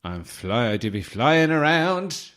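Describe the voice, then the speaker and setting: A squeaky, indignant young woman, as a man puts her on in a falsetto. Her voice jumps far above his own and sounds prim and scandalised. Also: very animated, takes it slowly, a bit bright.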